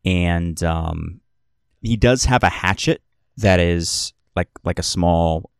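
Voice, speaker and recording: A man's voice: low voice, slow pace, vocal fry, smooth, no room sound, clean studio sound. A man narrating as game master of a tabletop game, describing scenes in a rambling way full of fillers and restarts.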